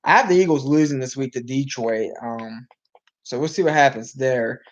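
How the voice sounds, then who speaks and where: In a lo-fi recording, a mid-range male voice moves at a moderate pace through casual live sports chatter he's hosting. He keeps restarting, fills gaps with ums, and wanders while reacting to the action. He's losing his voice.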